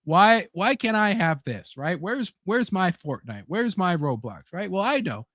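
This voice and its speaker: A man's voice: high voice, very animated, unhurried, a bit bright, no echo, clean studio sound, voice pushed up, exaggerated voice. A man putting on a greedy game executive. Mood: scheming. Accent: mock French.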